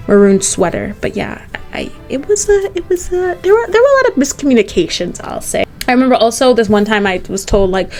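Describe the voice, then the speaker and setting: An American woman vlogging, telling a casual storytime anecdote in a chatty, animated way, full of "like" fillers. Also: mid-range voice, creaky. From United States.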